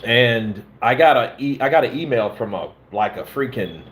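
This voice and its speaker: In casual conversation, a stunt performer from the American South tells rambling, profane tales. His voice is mid-range, expressive, and fairly bright, at a moderate pace, with slight background noise behind him.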